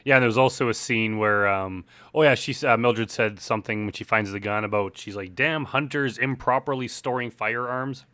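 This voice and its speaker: A man talks casually through a commentary track on his own film, rambling and leaning on fillers. His low voice has a bright, forceful edge. The sound is close and dry. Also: fairly quick, hardly any pauses, clear, resonant tone, dry recording. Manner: relaxed, rambling, heavy on "like" and "uh". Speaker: film director. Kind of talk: director commentary.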